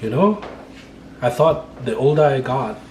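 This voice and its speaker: A man chatting casually with his family in a relaxed, chuckling way. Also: mid-range voice, a little slow, echoey room, noisy background. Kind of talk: casual chat.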